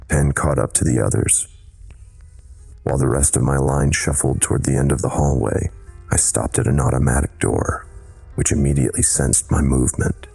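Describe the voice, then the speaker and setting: A man narrating a scripted horror story in a measured, dramatic way. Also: a bass voice, steady tone, creaky, a little mellow, husky, faint music behind.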